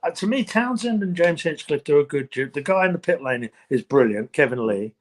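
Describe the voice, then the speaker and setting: A man who is a former racing driver, chatting casually as a podcast guest, animated and exasperated, often restarting his sentences. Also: a little high, fairly quick.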